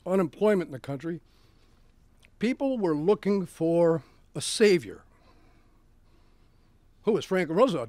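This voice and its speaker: A man's voice: sits high, a little mellow, no room sound. A male author giving a book talk, telling history as anecdotes. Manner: anecdotal storytelling with acted quotes. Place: bookstore event.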